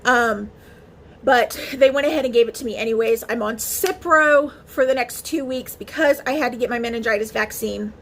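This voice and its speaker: A woman's voice: a little high, moderate pace, a bit bright, slight background noise. A woman vlogger talking casually to camera in a chatty, emotional way, with many fillers and restarts. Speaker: beauty vlogger.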